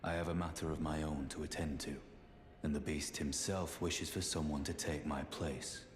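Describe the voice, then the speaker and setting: An actor playing a stern male hunter of the undead who speaks calmly, gravely and deliberately. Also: a bass voice, echoey room, slight background noise.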